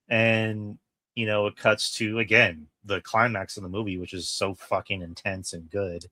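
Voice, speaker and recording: A man with a low voice and a forceful, bright edge, telling a story on a casual review show. He swears often and puts weight on the big moments. The sound is dry and close. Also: fairly even intonation, normal speed, no room sound. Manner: profane, emphatic retelling. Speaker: podcast co-host. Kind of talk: casual film review chat.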